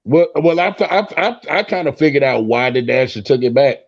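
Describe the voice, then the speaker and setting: A man's voice: mid-range voice, lively intonation, moderate pace, no room sound. A man from Florida, talking casually and emphatically, often repeating his point. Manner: talkative, emphatic, repeats himself. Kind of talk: casual chat. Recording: dull lo-fi sound.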